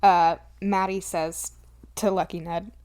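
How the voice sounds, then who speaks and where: A woman's voice: fairly low pitch, flat delivery, slow, darkish tone, clean tone. A woman co-hosting a podcast, chatting playfully about a favorite film and laughing often. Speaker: podcast co-host. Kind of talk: casual film chat.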